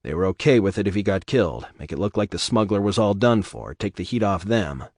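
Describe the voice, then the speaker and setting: A man reading aloud, voicing a tough, sardonic male security chief with a gruff, wry delivery. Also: on the low side, lively intonation, brisk, a little mellow, no room sound, studio quality.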